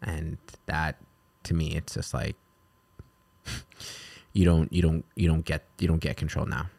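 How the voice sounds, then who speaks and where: A man co-hosting a podcast in casual chat, blunt and profane, getting animated when quoting himself. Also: extremely low pitch, a little slow, creaky, no echo. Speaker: podcast co-host. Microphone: podcast microphone.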